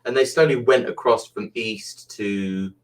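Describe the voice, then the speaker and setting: A man's voice: fairly low pitch, measured pace, recorded from a distance, a crowd in the background. A man co-hosting a comedy podcast, chiming in with quizzical questions and jokes. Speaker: podcast co-host. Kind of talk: casual comedic chat.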